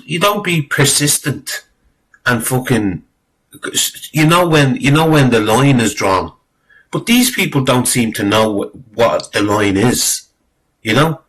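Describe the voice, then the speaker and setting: Gravelly-voiced man commentating. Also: mid-range voice, animated, unhurried, fairly bright tone, poor audio. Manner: rambling, exasperated, swears freely, many fillers. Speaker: video commentator. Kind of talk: casual spoken commentary on a video clip.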